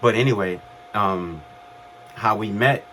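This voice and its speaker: Unhurried and lowish in pitch, a man in his fifties from Brooklyn, New York, recounts his heart transplants in a relaxed, chatty way, with restarts and acted-out quotes. A faint hiss or hum sits under the audio.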